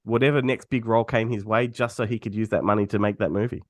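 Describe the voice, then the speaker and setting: Male co-host, husky today, laid-back trivia talker, dry close sound. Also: fairly low pitch, quick pace, no echo. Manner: relaxed, trivia-telling, swears casually. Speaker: podcast co-host. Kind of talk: casual chat.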